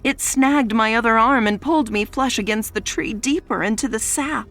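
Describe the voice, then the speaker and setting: A woman narrating a first-person dark fantasy audiobook in a tense, dramatic storytelling manner. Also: medium pitch, normal speed, soft background music.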